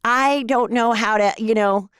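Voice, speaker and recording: A woman's voice: on the high side, unhurried, clean tone, dry recording, clean studio sound. A middle-aged woman hosting a podcast, chatting casually and telling stories in which she quotes dialogue. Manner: chatty, animated storyteller quoting dialogue. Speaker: podcast host.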